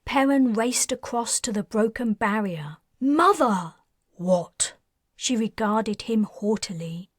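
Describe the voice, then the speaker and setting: Slow, measured woman narrating a sci-fi audiobook. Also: fairly high pitch, darkish tone, dry recording, studio quality. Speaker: author narrating her audiobook.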